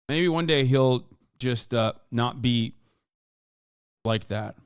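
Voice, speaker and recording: A man's voice: mid-range voice, slow pace, clear, resonant tone, no echo, clean studio sound. A man in his thirties, a streamer giving casual, profane live-stream commentary, ranting emphatically with plenty of fillers. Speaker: streamer reacting to a clip.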